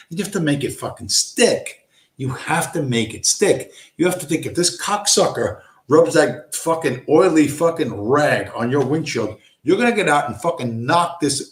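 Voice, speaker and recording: Guy ranting on his stream, swears a lot, blunt, kinda echoey room. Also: mid-range voice. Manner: profane, blunt, emphatic. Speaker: livestream host. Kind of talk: ranting monologue on a chill stream. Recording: roomy echo.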